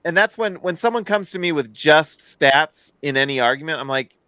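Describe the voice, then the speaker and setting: Excitable man doing live game commentary. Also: on the high side, normal speed, smooth, dry recording. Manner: excitable, jokey, shouts at big plays. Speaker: host.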